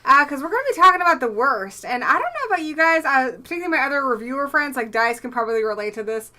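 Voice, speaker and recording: A young woman hosting a live horror movie stream, chatting excitedly, swearing now and then and greeting viewers by name. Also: high-pitched, fast. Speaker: horror movie YouTube host. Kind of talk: casual live-stream chat.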